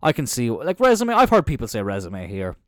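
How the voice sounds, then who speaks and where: A young Irish man with a Cork accent chats away on his own podcast, his pitch swinging up and down as he rambles from one thought to the next. He swears casually and often loses his train of thought, and his voice comes across dry and close. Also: wildly swooping pitch, fairly quick, no echo. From Cork, Ireland. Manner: rambling and chatty, swears freely, trails off mid-thought. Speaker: podcast host. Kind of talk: casual solo podcast chat. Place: indoors, seated on a squeaky chair.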